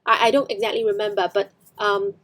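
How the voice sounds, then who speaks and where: A woman's voice: medium pitch, level tone, brisk, a bit bright. A woman with a Hong Kong accent teaching English online, explaining film scenes with frequent fillers and self-corrections.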